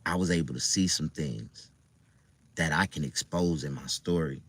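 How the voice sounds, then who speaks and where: Middle-aged Southern man, very low voice, loose and profane, chatting his life story to viewers. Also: normal speed, a bit bright, breathy edge, no echo. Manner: loose, profane, conversational with many fillers. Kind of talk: casual livestream storytelling.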